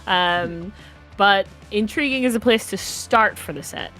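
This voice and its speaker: A woman's voice: medium pitch, unhurried, a bit bright, faint music behind. A woman giving color commentary on an online video game tournament, chatty and musing, laughing often. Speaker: esports co-commentator.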